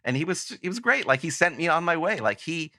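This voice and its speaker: A man's voice: a little high, very animated, a little fast, sharp tone, no echo, studio quality. A man from Canada, a guest on a podcast, telling a long rambling anecdote that is full of self-corrections. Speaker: guest author. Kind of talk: casual podcast storytelling.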